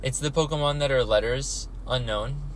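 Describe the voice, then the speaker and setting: A young man hosting a casual solo podcast while driving, rambling and playful with sudden squeaky jumps in pitch. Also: normal speed. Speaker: podcast host. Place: inside a moving car. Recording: road and engine noise from a car. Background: car and traffic noise.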